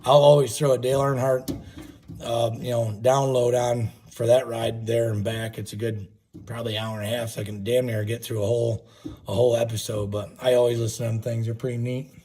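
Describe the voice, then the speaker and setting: A man with a husky, slightly rough voice chats casually on his livestream. He rambles in a folksy, easygoing way and drops offhand swears as he goes. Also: medium pitch, little pitch movement, a little fast, dark tone. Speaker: livestream host.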